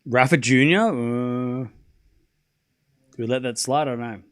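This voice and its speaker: A young man hosting a live tennis watchalong stream, chatting excitedly and talking to his viewers. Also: medium pitch, a little slow. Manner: excitable, chatty, talks to the chat. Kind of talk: casual live-stream chat.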